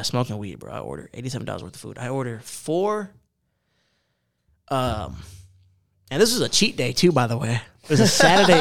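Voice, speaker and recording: A man's voice: medium pitch, creaky. A man in his twenties in casual chat, telling a story with lots of swearing and slang. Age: 20s.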